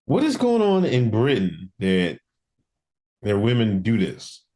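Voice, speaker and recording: A man co-hosting a casual podcast chat, animated and laughing often. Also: slow pace. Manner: animated, laughing often, lively swings in pitch. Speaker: podcast co-host.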